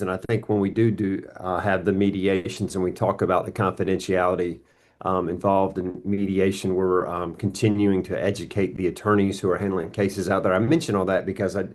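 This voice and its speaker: Deep-voiced male mediator, measured. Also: flat delivery, darkish tone. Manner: measured, thoughtful, hesitant fillers. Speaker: mediator and attorney. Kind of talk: panel discussion.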